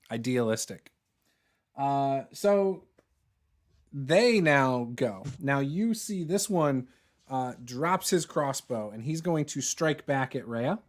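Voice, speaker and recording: A man running a tabletop game as dungeon master, relaxed and quick to laugh. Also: medium pitch.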